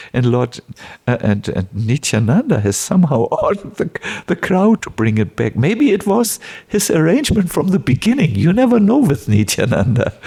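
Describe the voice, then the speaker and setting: A man giving a devotional lecture as a spiritual teacher, telling stories in an unhurried way with frequent chuckles and fillers. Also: fairly high pitch, darkish tone, slightly rough.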